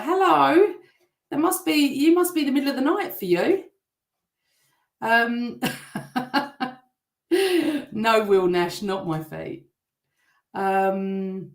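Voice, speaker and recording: A middle-aged woman hosting a live football fan show, chatting and reading out viewer comments, her voice a bit rough. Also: mid-range voice. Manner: chatty, warm toward viewers, teasing. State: voice still rough from shouting. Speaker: host. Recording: echoey room.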